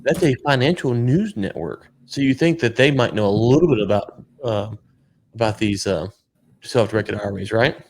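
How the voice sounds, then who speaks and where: A man's voice: fairly low pitch, moderate pace, darkish tone. Ranting, sarcastic man. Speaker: podcast co-host. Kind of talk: casual political chat.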